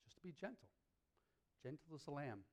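Guy preaching a sermon, kinda high voice, gets animated and jokey, church hall with folks laughing. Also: fairly quick. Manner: animated, jokes with the congregation, pitch leaps up on punchlines.

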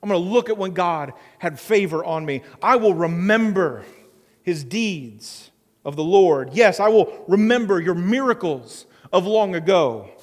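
A man's voice: high voice, animated, measured pace. A man preaching a sermon as pastor, earnest, with a repetitive preaching cadence. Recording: long hall reverb.

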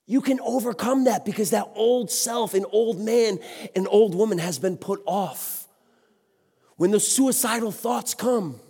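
A man's voice: high voice, vocal fry, darkish tone, breathy edge. A man preaching a sermon with passion, exclaiming and speaking to the congregation. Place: church sanctuary. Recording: long hall reverb.

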